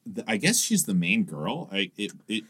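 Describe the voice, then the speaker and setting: Animated, jokey young man co-hosting. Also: fairly low pitch, moderate pace, husky. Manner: animated, jokey, playful voice swings. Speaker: podcast co-host. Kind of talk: casual chat.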